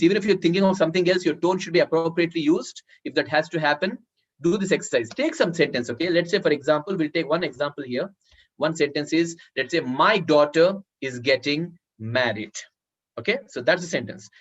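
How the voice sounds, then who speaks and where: A man's voice: fairly high pitch, husky. A man teaching public speaking in an online workshop, giving instructions and repeating words so people can note them. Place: online video call. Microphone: video call. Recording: dull lo-fi video call audio.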